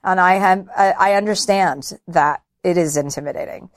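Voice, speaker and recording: In a candid interview, a middle-aged woman who is a comedian and former talk show host speaks bluntly and openly about her feelings, often poking fun at herself. Her voice sits on the low side and her pace is moderate.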